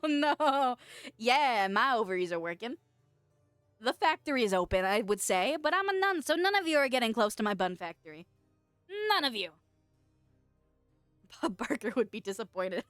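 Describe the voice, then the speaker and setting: A woman's voice: fairly high pitch, expressive, moderate pace, a bit bright, no room sound. A young woman streaming, chatting casually with viewers, reading out their messages and laughing often in a playful, giggly way. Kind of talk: casual livestream chat, reading out chat. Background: faint background music.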